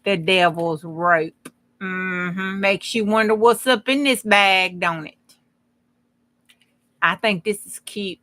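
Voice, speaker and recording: A woman's voice: mid-range voice, takes it slowly, sharp tone, no room sound. A woman, chatting in a rambling, folksy way to her live audience while she crafts. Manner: rambling, folksy, talks to the chat as she works. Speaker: crafting livestream host. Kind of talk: casual chat while crafting.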